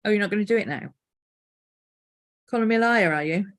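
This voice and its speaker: A woman artist thinking aloud as she sketches, unhurried, now and then cooing to her dog. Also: medium pitch. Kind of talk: casual art vlog narration. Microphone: desk mic.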